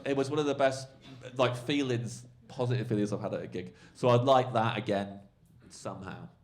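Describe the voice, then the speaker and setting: A male comedian telling a rambling, animated anecdote on a podcast, full of fillers. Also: medium pitch, fairly quick. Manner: rambling, animated storytelling, lots of fillers and swearing. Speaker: comedian guest.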